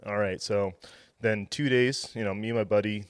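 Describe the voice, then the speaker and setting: A man with a very low, deep voice recorded dry and close, with no room sound. He tells long, loose stories as a podcast guest, full of fillers, and acts out what people said. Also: fairly even intonation, normal speed, clean tone, no echo. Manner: rambling, filler-heavy, acts out quoted dialogue. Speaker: restaurant beverage director, podcast guest. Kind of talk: casual storytelling interview.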